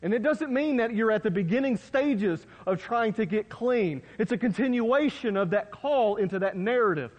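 High-voiced preacher in a reverberant hall. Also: male voice, expressive, moderate pace, hardly any pauses, darkish tone, lo-fi sound. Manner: folksy, conversational preaching with asides to listeners. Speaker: pastor. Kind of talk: sermon. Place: church sanctuary.

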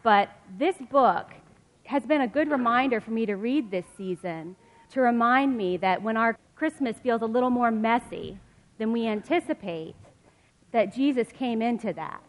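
A woman reads a children's picture book aloud to a congregation. She takes it slowly, in a gentle, sing-song lilt and a fairly high voice. A long church-hall reverb trails after each phrase. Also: highs cut off. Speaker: children's story reader at a church service.

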